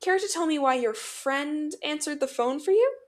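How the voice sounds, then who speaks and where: A woman's voice: animated, moderate pace. Woman doing a stern, serious male hero. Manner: low, serious, curt.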